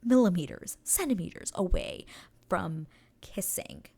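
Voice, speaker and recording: A woman's voice: on the low side, very animated, a little slow, darkish tone. A young woman hosting a show, casually recapping a scene in a gushing, breathless way. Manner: gushing, breathless retelling with acted quotes. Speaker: show reaction host.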